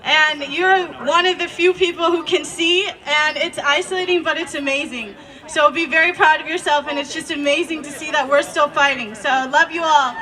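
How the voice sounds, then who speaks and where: A woman speaking to a protest crowd outdoors, warmly encouraging and affirming. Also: sits high, fairly even intonation, moderate pace, far from the mic, low-quality recording. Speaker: rally speaker.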